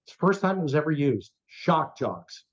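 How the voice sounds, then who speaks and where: An older man, a radio host, telling lively anecdotes in an interview and acting out the voices of the people in them. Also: on the high side, very fast, highs cut off. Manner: animated anecdote telling, acts out quoted voices. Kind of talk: storytelling in an interview.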